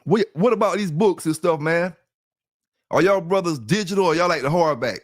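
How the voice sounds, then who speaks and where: Talking straight to his audience, a middle-aged livestream host chats casually, wandering and circling back over the same points. His voice is a little high and his speed normal. The sound is clean studio quality with no room sound.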